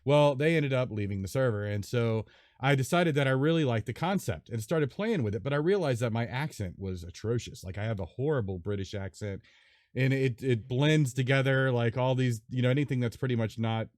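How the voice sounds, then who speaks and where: A man hosting a casual gaming podcast, rambling and animated with lots of fillers. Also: medium pitch, moderate pace, no room sound, studio quality. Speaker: podcast host. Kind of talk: casual chat.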